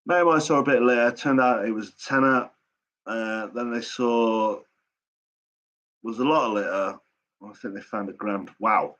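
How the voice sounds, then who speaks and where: A man's voice: mid-range voice, measured pace, a bit bright. A man hosting a live chat stream, talking casually in a blunt, sweary and rambling way. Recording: dull lo-fi stream audio.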